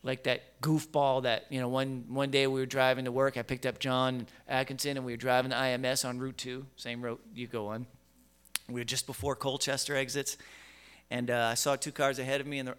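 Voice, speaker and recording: A man's voice: mid-range voice, bright, forceful tone, clean tone. A middle-aged male pastor preaching a conversational sermon, with stammering restarts and emphatic bursts.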